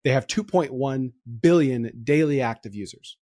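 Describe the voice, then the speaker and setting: Hosting his podcast, this man keeps things loose and conversational, getting excited, laughing easily, and jumping from one thought to another. His voice is medium in pitch and mid-range, at a normal speed, recorded close and dry with no echo.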